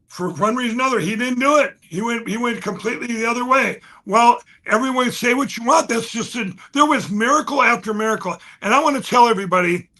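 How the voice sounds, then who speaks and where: A high, bright-voiced man telling a story with restless energy. He restarts sentences often and swings from near shouting to hushed asides. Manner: fast, restless, repeats and restarts, swings loud and soft. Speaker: guest. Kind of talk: excited conversational storytelling.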